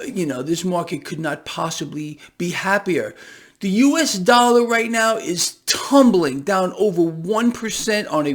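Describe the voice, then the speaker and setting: An American man giving casual, sarcastic market commentary in an animated, mocking way, as a finance video blogger. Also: high-pitched.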